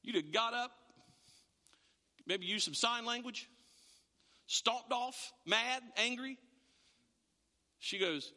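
A man preaching a sermon as a pastor, in an animated, conversational way with frequent restarts. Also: high-pitched, slow pace, pauses often, big-room sound.

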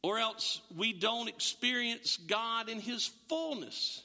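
A man preaching a sermon as pastor, animated and acting out his listeners' voices. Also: very high-pitched, takes it slowly, long reverb tail.

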